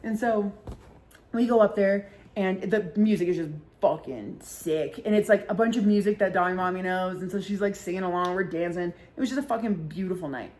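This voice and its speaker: A woman's voice: mid-range voice, brisk, darkish tone. A young woman hosting a podcast, telling a story in a casual, chatty way, swearing often and filling her sentences with "like". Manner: chatty and profane, many filler likes. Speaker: podcast host.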